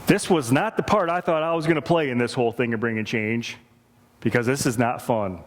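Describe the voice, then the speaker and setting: A man's voice: mid-range voice, fairly quick. A man preaching a sermon, earnest and repeating phrases for emphasis. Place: church sanctuary. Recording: reverberant church hall.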